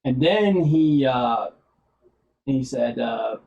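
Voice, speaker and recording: A man's voice: medium pitch, lively intonation, very slow, creaky, muffled recording. A man hosting a casual streamed chat show, rambling with lots of fillers and laughing often. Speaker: podcast host.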